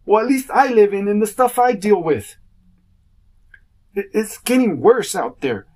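A man's voice: high-pitched, very animated, a little slow, a little mellow. A man hosting his own podcast, talking in a casual rambling monologue and acting out what people said to him. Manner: rambling storytelling, acts out quotes. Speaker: podcast host.

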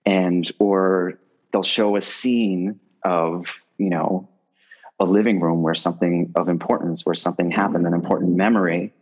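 A man with a very low voice talks through a slightly dull, lo-fi line. He speaks loosely and casually, circling and restarting his sentences, and livens up when he tells a story. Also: moderate pace. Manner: rambling, restarts phrases often, animated when telling stories. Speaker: guest medium. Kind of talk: casual conversational interview.

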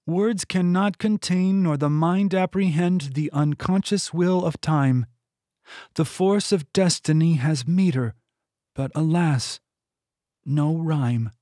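A man voicing a possessed little girl who chants a prophecy in a slow, solemn, raspy voice. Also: mid-range voice, warm tone, dry recording, studio quality, pitched above the performer's own voice, natural voice. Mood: trancelike.

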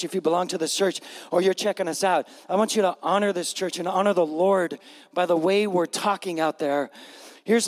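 A male pastor with a high voice delivers an earnest sermon, circling back to key phrases and speaking straight to his congregation. His voice rings out with a long reverb, as if from a large hall. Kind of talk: sermon retelling a gospel story.

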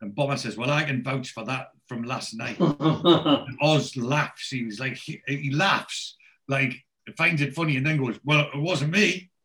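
A man's voice: mid-range voice, unhurried. A man on a podcast, recapping a TV series in casual chat, quoting the characters' dialogue with lots of fillers and restarts. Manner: animated storyteller, many fillers and restarts. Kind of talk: casual chat, retelling scenes with quoted dialogue.

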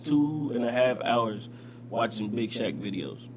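A man in casual banter with a friend, animated and laughing, swearing freely. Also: mid-range voice, unhurried, a little hiss or hum.

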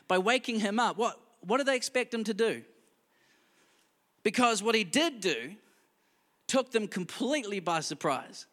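A man delivers a sermon in a church hall with a high, bright voice, talking to the congregation in a loose, conversational way with humorous asides. His voice carries a long reverb from the large room. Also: expressive, a little slow, pauses often. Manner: conversational preaching with asides and laughter. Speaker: pastor.

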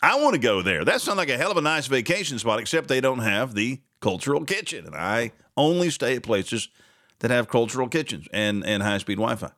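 A man's voice: mid-range voice, very animated, fairly quick, a bit bright. Rambling, sarcastic radio host man. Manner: rambling, sarcastic, laughs often. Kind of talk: casual talk-show commentary.

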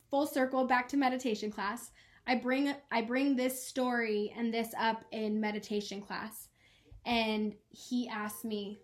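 A young woman in her twenties, a podcast co-host, telling a personal story in an earnest, emotional way. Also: fairly high pitch. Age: 20s. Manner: earnest, emotional, quick laughs. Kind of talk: casual chat, personal story.

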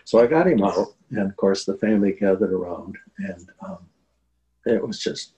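Deep-voiced older man telling a story. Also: sing-song, moderate pace, dark tone, poor audio. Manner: earnest, emotional storyteller, many fillers. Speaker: guest telling a war veteran story. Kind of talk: casual storytelling interview.

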